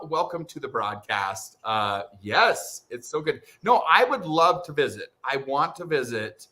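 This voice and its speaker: Bright lively guy running a stream, gets loud and hyped saying hi to viewers. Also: medium pitch, a little slow, few pauses. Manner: excitable, greets viewers with loud bursts. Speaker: livestream host. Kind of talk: casual livestream chat.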